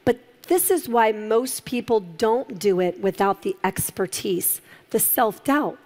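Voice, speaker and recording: A middle-aged woman, a guest in an interview, telling her story in a lively way and acting out the people she quotes, laughing often. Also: a little high, unhurried. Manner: animated, acts out quoted voices, laughs often. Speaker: guest, entrepreneur.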